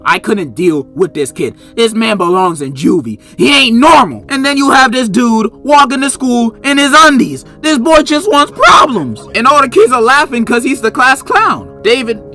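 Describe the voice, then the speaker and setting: Animated man ranting in mock outrage. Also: extremely high pitch. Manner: loud, exaggerated outbursts and mock outrage. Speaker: comedic book reviewer. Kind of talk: comedic commentary.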